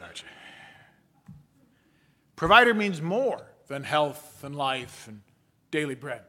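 A man preaching a sermon as a pastor, with a measured storytelling delivery and playful asides. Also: on the high side, bright, forceful tone.

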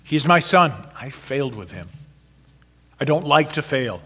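A man voicing a proud older father who speaks in a low, shaken mutter. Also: expressive, a little slow, bright, forceful tone, breathy edge, long reverb tail, heavily acted.

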